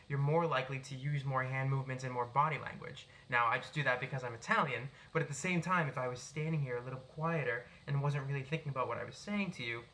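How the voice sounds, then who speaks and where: Young Boston guy, mostly neutral accent, bright projected voice, unscripted phone video at home. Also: medium pitch. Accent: neutral American, Boston traces. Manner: projected, animated delivery. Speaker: self-help speaker. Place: his apartment. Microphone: cell phone, no microphone.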